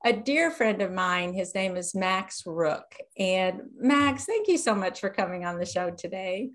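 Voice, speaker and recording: A woman's voice: medium pitch, lively intonation, unhurried. Bubbly woman hosting a podcast. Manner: bubbly, enthusiastic, reads bio aloud. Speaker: podcast host. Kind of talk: casual interview chat. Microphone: video call.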